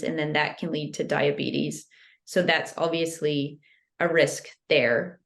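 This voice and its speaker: A woman who is a guest on a podcast, explaining nutrition in a steady, casual way and often saying "like". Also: sits low, creaky. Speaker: health guest.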